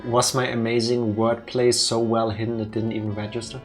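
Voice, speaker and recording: A man co-hosting a game let's play, bantering in a teasing, joking way. His pitch sits in an ordinary middle range, and faint music runs underneath. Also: flat delivery. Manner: playful, teasing, quick with wordplay. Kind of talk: casual joking commentary.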